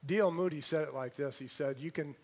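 A man preaching a sermon, telling a story in an animated way and praying. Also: a little high, a little fast, husky. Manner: storytelling, animated, imitates voices.

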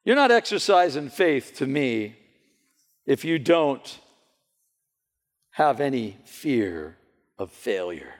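A man preaching a sermon to a church gathering, telling stories in an animated way and often repeating his words as he goes. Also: mid-range voice, slow pace, long pauses. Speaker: pastor. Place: church hall. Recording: long hall reverb.

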